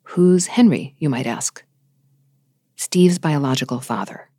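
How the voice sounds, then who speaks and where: A woman hosting a podcast, narrating and reflecting in a thoughtful, measured way. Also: sits low, warm tone, no echo, studio quality. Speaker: podcast host.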